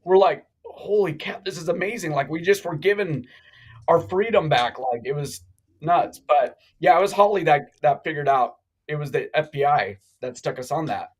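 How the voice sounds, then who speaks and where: A middle-aged man telling a long story on a live talk show, animated and rambling, with many restarts. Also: on the high side, moderate pace, breathy edge, poor audio. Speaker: guest.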